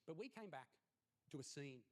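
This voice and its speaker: An Australian man doing a stand-up comedy set, brash and crude with punchy deadpan lines. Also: on the high side, normal speed, a little hiss or hum.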